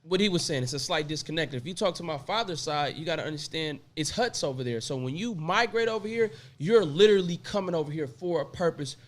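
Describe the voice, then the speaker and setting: High-voiced man arguing with passion. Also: animated. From United States. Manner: passionate, rapid-fire argument. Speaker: podcast co-host. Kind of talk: casual podcast discussion.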